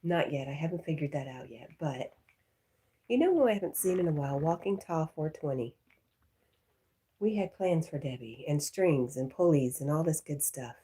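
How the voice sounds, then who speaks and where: A woman hosting a night livestream, reading chat aloud and talking softly to her dog, sometimes in a whisper, a little wheezy. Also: low-pitched, expressive, moderate pace, slightly rough. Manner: soft, often whispering, talks to her dog.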